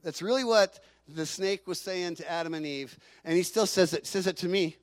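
A middle-aged man preaching a sermon in an animated way, sometimes acting out the voices of the people he quotes. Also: sits high, moderate pace, no room sound. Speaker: pastor.

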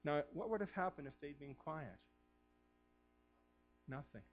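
A middle-aged man preaching a sermon as pastor, fervent, swinging from a hushed voice to shouting. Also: on the high side, expressive, measured pace, narrow, tinny audio.

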